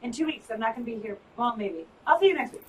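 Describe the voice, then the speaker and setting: A woman co-hosting a live broadcast, speaking in a brisk, supportive way. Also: fairly high pitch, lively intonation. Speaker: co-host, psychologist. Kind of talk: casual chat on a live broadcast. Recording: from far off, faint noise.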